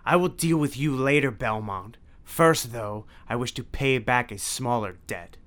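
A man's voice: medium pitch, measured pace, a bit bright, lightly acted. A man voicing a sneering, haughty male vampire count in a storybook reading, with a theatrical, imperious delivery. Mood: menacing.

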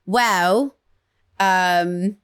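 A woman from New York hosting a podcast, chatting casually in quick, playful banter. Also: fairly low pitch, smooth. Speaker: podcast host. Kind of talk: casual chat.

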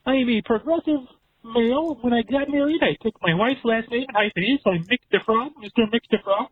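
A man's voice: very high-pitched, a little fast, husky, dry recording. A man putting on a goofy, nasal frog-like voice as a caller, heard over a tinny phone voicemail.

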